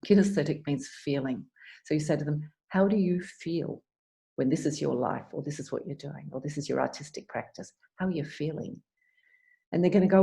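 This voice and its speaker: A woman's voice: low-pitched, creaky, mellow. A woman coach explaining a visualization method step by step in an online talk, acting out the questions she would ask a client. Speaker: arts business coach. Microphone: video call.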